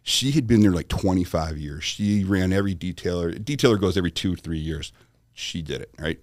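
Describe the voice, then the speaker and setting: A man with a very low, deep voice tells a long story as a podcast guest. He is animated and acts out the voices of people in his story. The sound is dry and close. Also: fast, no room sound. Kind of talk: storytelling in conversation.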